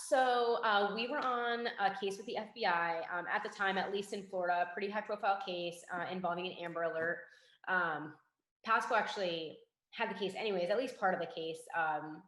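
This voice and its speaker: A young woman, a forensic investigator, telling a story in a casual interview and acting out the quoted dialogue in a lively way. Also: fairly low pitch, a little fast. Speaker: guest, forensic investigator and K9 handler. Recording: roomy echo.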